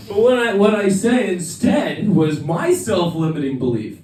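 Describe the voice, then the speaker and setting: A man's voice: high voice, lively intonation, unhurried, darkish tone. A man from the United States doing stand-up comedy on a club stage, rambling through a story with many fillers and laughing at his own lines. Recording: echoey club from a distance, faint room noise.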